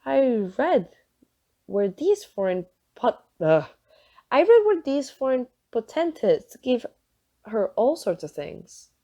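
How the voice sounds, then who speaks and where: Nervous gushing nun for an audiobook reading, mellow but lifted higher, voiced by a woman. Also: very animated, slow, lo-fi sound, full character voice. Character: flustered chatty middle-aged nun.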